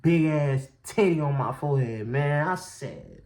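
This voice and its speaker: A man's voice: fairly high pitch, expressive, unhurried, darkish tone. A man telling a storytime vlog in slangy talk, laughing often as he goes. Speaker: vlogger.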